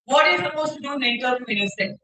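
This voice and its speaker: A woman with an Indian English accent giving an interactive workshop to students as a soft skills trainer, often checking in with the audience and demonstrating gestures. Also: high voice, rapid-fire. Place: university hall. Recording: roomy hall, mic far off.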